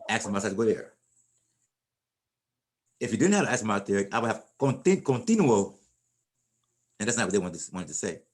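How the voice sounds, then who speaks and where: Relaxed man teaching a class. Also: on the low side, fast talker, long pauses. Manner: relaxed, repeats and restarts words while explaining. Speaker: Spanish teacher. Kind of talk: casual classroom lesson.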